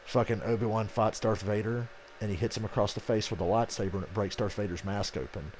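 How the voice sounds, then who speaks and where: A man's voice: fairly low pitch, steady tone, fast talker, a little mellow, slight background noise. A man hosting a live race reaction stream in casual, profane chat, breaking into mocking voices when he quotes people.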